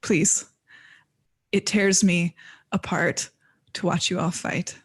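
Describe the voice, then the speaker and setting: A woman playing a timid, insecure mortal who pleads in halting words. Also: fairly low pitch, fairly even intonation, slightly rough, pitched below the performer's own voice. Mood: pleading.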